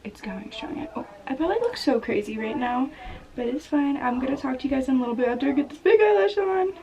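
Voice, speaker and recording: A woman's voice: high voice, animated, quick pace, creaky, mellow, muffled recording. A woman in her twenties vlogging casually to the camera, bubbly and chatty, laughing often and saying "like" a lot. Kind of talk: casual vlog chat to camera. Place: hotel room and rented house, indoors. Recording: noisy room ambience.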